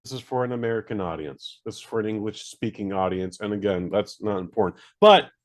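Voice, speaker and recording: A man's voice: on the low side, expressive, a little fast. A man co-hosting a podcast, reviewing a movie in casual, rambling chat with many fillers and jokes at his own expense. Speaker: podcast co-host.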